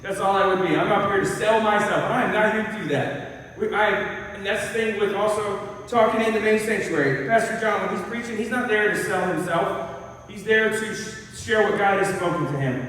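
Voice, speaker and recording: A man, a college pastor, giving an earnest, animated, conversational sermon with lively storytelling. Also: sits high, moderate pace, a little hiss or hum. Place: church hall. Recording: echoey hall, mic far off.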